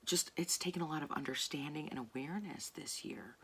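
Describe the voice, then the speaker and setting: A woman talking casually to camera late at night in a soft voice that often drops to a near whisper, rambling and searching for words. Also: low voice, fairly quick, slight background noise. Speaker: artist vlogger. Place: home at night.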